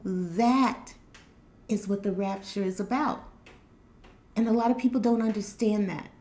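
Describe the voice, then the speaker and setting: A woman's voice: mid-range voice, a little slow, a little mellow. Woman, spiritual reader, earnest motivational talk, repeats herself for emphasis. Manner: earnest, repetitive, preachy.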